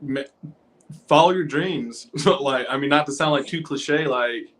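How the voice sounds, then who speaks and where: A male wrestler answers a podcast question in a casual, loose way, scattering filler words through what he says. His voice sits at an ordinary middle pitch. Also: unhurried, a bit bright. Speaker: guest professional wrestler.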